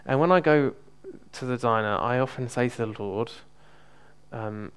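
A man preaching in an easy, conversational tone. His voice sits at an ordinary middle pitch, and he often pauses with "um" and backs up mid-phrase as he tells his story. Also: smooth. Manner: relaxed, hesitant, frequent ums and restarts. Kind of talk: conversational sermon with personal testimony.

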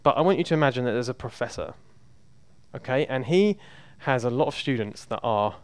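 A man preaches in a conversational, emphatic style and repeats words to drive a point home. His voice is smooth and resonant, recorded close with little room sound. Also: mid-range voice, animated, fairly quick, no echo. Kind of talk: sermon.

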